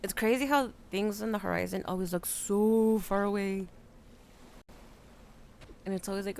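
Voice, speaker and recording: A woman's voice: medium pitch, moderate pace, creaky, long pauses, a little mellow, slight background noise. A woman casually commenting on her gameplay as a streamer, chatty with laughing asides. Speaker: game streamer.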